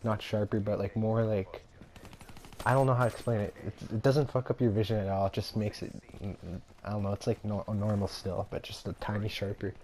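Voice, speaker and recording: A man's voice: on the low side, fairly even intonation, brisk, a little mellow, a little hiss or hum. A young man telling a story in a casual, rambling way, full of fillers and laughs.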